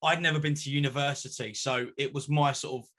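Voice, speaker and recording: A middle-aged man chats as a guest on a talk show. His voice is bright, at an ordinary pitch for a man. He tells stories in a relaxed, chatty way and laughs easily. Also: a little fast. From North West London. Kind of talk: casual chat.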